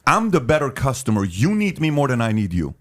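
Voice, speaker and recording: A man's voice: mid-range voice, very animated, brisk. A man hosting a podcast debate, pressing his points, cutting in and repeating himself for emphasis. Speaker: podcast host.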